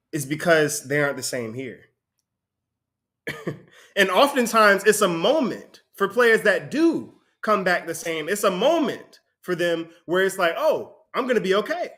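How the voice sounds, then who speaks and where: High-voiced male preacher, chatty and laughing. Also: a bit bright. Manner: conversational, laughs often between points, sports examples. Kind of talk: sermon.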